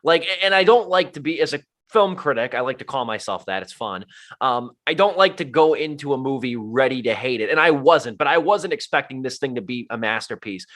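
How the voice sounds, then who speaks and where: Bright-voiced rambling film critic man. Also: medium pitch, a little fast. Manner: animated, rambling with many fillers and restarts. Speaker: podcast co-host, film critic. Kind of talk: casual movie review chat.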